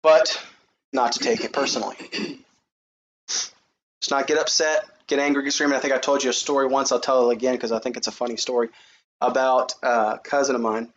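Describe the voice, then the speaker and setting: A man's voice: flat delivery, a little fast, pauses often. Lo-fi recording of a male preacher. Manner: rises to loud, high reading of scripture, then talks casually. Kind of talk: sermon. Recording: dull, lo-fi recording with faint noise.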